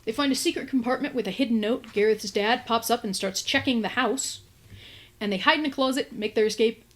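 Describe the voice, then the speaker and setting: A woman's voice: on the high side, a little fast, fairly bright tone. A woman book reviewer giving a casual, chatty plot recap with exasperated asides.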